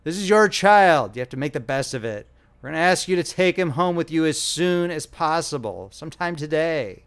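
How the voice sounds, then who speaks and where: A man's voice: a little high, animated, moderate pace, smooth. A man voicing a stern, prim female nurse who speaks severely.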